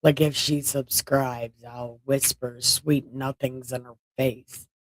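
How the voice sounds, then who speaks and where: A woman's voice: extremely low pitch, steady tone, takes it slowly, no room sound. A tired woman hosting a late-night livestream, rambling and joking as she chats with her viewers. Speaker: livestream host.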